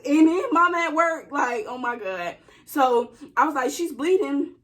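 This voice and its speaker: A young woman casually telling a story to a co-host, animated and laughing as she acts out what people said. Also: high voice, a little slow.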